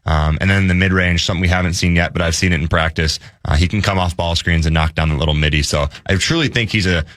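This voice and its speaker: A man's voice: low voice, fairly even intonation, quick pace, a bit bright, no room sound, studio quality. A young man, talking sports on the radio in an earnest way, with many restarts and fillers. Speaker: sports radio guest analyst. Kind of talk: casual sports talk. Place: radio studio. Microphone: studio mic.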